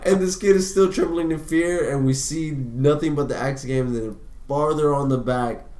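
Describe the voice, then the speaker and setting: A man's voice: fairly high pitch, normal speed, a little mellow. Young man recapping a movie in an echoey room. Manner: laughing, acts out scenes in quotes. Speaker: podcast co-host. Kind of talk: casual movie recap chat. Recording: roomy echo.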